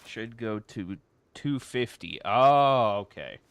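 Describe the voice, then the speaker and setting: A man's voice: on the low side, expressive, slow, creaky, clear, resonant tone. A man chatting and joking sarcastically with friends while playing a survival game. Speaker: gamer. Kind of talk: casual co-op let's play chat.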